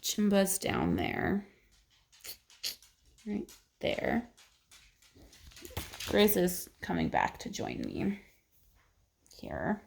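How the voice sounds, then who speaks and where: A woman's voice: mid-range voice, wildly swooping pitch, drawn-out words, vocal fry, pauses often, darkish tone, a little hiss or hum. A young woman from Texas with a Texan accent, chatting casually about books in a vlog and laughing easily. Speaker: book vlogger. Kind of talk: casual chat.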